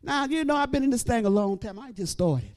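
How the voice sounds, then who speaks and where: Older man, church preacher; fervent, exhorting delivery that swells to shouts; very high register. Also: lively intonation, a little fast. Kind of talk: preaching sermon.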